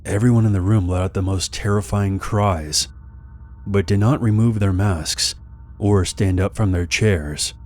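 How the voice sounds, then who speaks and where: A man with a low, deep voice reads a horror story aloud. His delivery is calm and steady, like scripted narration for a scary story channel. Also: a little slow, soft background music.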